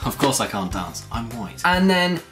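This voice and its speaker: Young vlogger ranting, wildly swinging pitch. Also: normal speed, loud music behind the voice. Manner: animated, sweary ranting with big swings up to near-shouting. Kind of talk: casual ranting vlog.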